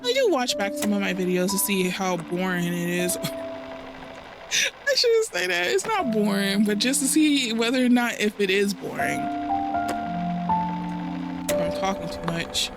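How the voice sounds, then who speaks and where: Rambly gamer girl w a highish voice, laughing a lot, music playing under her. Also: sing-song, a little slow, creaky, pauses often. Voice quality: fairly high-pitched voice. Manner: rambling, laughs often, self-interrupting. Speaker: gaming channel host. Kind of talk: casual chatty let's play commentary. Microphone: home desk microphone. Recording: game music behind the voice.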